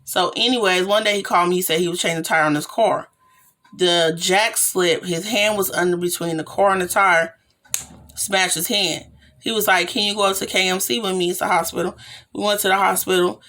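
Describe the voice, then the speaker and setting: A woman from California telling a personal story in a casual, slangy way, her voice rising high whenever she quotes herself in the tense moments. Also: a little fast. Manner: animated, slangy retelling with rising excited quotes.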